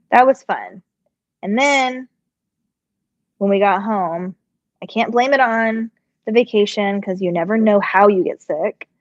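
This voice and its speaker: A woman's voice: medium pitch, a little mellow, no room sound, muffled recording. Chatty woman with a congested voice. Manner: chatty and rambling, answers viewer questions. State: slightly congested, muffled voice. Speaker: sewing channel host. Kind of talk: casual live-stream chat while working.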